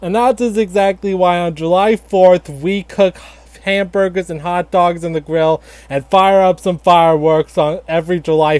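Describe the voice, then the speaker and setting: A man voicing a grandfatherly animatronic fox who tells a satirical history lesson in a halting, filler-heavy ramble. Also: sits high, darkish tone, no echo. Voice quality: halting, filler-heavy, lots of likes and restarts. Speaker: storyteller grandfather. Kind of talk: casual satirical storytelling.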